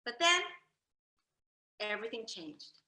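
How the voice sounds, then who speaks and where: A woman telling her family's history at a library talk, lively and animated, acting out her grandfather's jokes. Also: a little high, slow pace, slight background noise. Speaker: storyteller giving a library talk. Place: library event room. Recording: echoey room.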